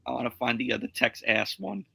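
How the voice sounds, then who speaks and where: A man's voice: mid-range voice, expressive, fairly quick, creaky, sharp tone, husky, no room sound. A man chatting casually in an online hangout, laid-back and hesitant, stumbling over his words. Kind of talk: casual chat.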